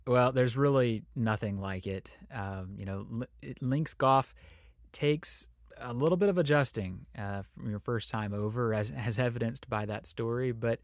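A man's voice: mid-range voice, a little slow, dry recording, studio quality. A man hosting an interview, asking easygoing questions. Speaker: interviewer, host.

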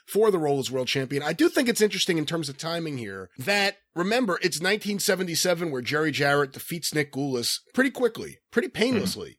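Higher-voiced man with a dry, close sound. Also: sing-song, fast talker, few pauses, a bit bright, no echo. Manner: fluent, explanatory, lays out history step by step. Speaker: podcast co-host. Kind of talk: casual chat.

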